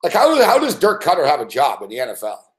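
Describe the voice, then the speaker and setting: A man's voice: fairly high pitch, wildly swooping pitch, fast. A man giving a live sports betting rant, profane and exasperated.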